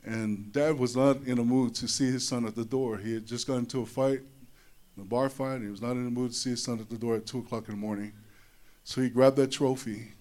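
A man giving a personal testimony to an audience. He talks in an animated way, repeats his words, and drops low and soft in tender moments. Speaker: speaker sharing a personal testimony. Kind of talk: emotional storytelling speech.

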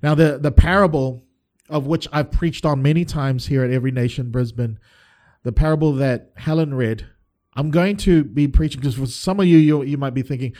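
A man's voice: medium pitch, moderate pace, dark tone. A man preaching a sermon as a pastor, earnest and emphatic, often restarting his phrases.

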